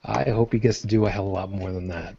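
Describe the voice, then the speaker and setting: A man's voice: on the low side, fairly even intonation, fast talker, vocal fry, mellow, lo-fi sound, slight background noise. A man from Brooklyn with a New York accent, hosting a casual podcast chat and rambling with many fillers and restarts. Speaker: podcast host.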